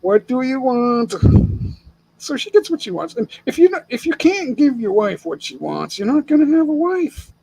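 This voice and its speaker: An older man from the United States chats casually on his live stream from home. His voice sits high for a man and has a gravelly, husky texture. He talks bluntly, states his opinions firmly and chuckles often. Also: darkish tone, rough recording.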